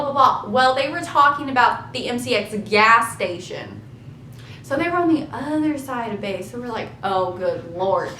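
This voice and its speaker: A young woman casually telling her labor story to camera, chatty and animated, laughing at herself now and then. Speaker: vlogger. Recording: echoey room with faint rumble.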